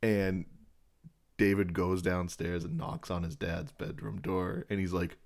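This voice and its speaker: A young man co-hosting a casual podcast, telling crude anecdotes in an animated way, often laughing. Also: deep voice, a little slow, creaky. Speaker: podcast co-host. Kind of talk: casual chat, storytelling.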